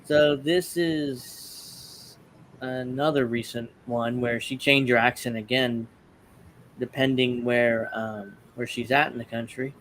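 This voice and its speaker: A man's voice: mid-range voice, fairly even intonation, slow, a bit bright, a little hiss or hum. A man from the Northeastern United States hosting a casual political commentary show, talking in a mocking, chatty way with many restarts. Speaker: host.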